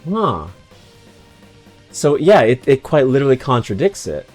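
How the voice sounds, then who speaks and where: A man's voice: medium pitch, big pitch swings, measured pace, long pauses, darkish tone, faint music behind. A man streaming a game, rambling through casual, slangy commentary with swearing and self-mocking asides.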